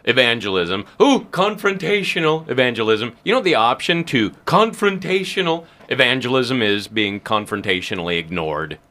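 A man's voice: mid-range voice, big pitch swings, normal speed, hardly any pauses, pushed and bright. A man hosting a Christian talk show, speaking emphatically with teasing, preacherly punchlines. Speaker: host.

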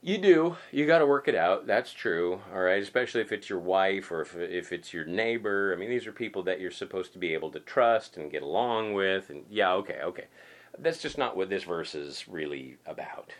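A man's voice: deep voice, moderate pace, a bit bright. A man preaching a conversational sermon as pastor, emphatic and folksy, repeating his points with casual asides.

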